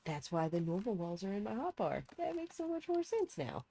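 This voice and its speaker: A woman's voice: on the high side, very animated, a little slow, creaky, mellow, slight background noise. A woman streaming a building game in casual chat, thinking aloud and poking fun at herself while nursing a sore throat. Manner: chatty, self-mocking, thinking aloud.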